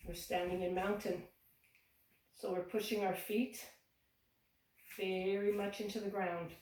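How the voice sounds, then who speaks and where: A yoga teacher leads small children through a class, calling out poses step by step in a cheerful, encouraging way. Her voice is medium-pitched and darkish, with little pitch movement and a measured pace. A distant camera mic picks her up across an echoey room.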